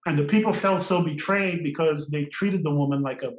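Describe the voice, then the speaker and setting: Older man, from Trinidad, slightly high voice, animated storyteller, laughs a lot, echoey room. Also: a little fast. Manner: animated, laughs often mid-sentence. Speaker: guest. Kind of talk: storytelling interview.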